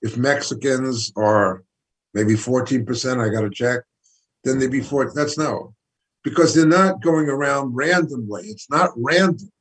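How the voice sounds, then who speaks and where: A man's voice: medium pitch, measured pace, slightly rough, rough recording. An older man, a guest activist, speaking with emphatic, preacherly fervor in an interview, repeating figures for effect. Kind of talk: impassioned interview talk.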